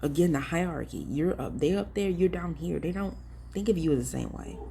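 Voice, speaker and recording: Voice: mid-range voice, expressive, normal speed, creaky, mellow, a little hiss or hum. A ministry vlogger giving earnest, emphatic commentary and talking straight to viewers in a casual, pleading way. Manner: casual and direct, addressing viewers as y'all. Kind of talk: preachy vlog commentary.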